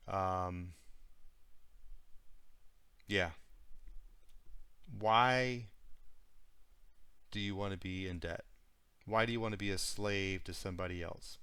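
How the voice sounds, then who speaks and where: Bright, crisp-voiced man musing on clips. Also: low voice, slow, long pauses, no echo. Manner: musing, repeats himself, many fillers. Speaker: commentator reacting to clips. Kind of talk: casual reaction commentary.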